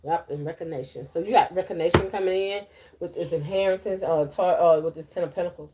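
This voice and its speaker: A woman's voice: fairly low pitch, quick pace, heavy background noise. A woman giving a blunt, repetitive live tarot reading, talking straight to her viewers. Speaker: tarot reader.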